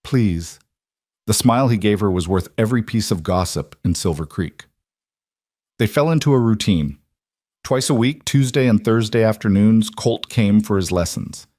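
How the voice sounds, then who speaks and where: Low-voiced calm male storyteller. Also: normal speed, dry recording, clean studio sound. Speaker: narrator. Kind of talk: scripted narration.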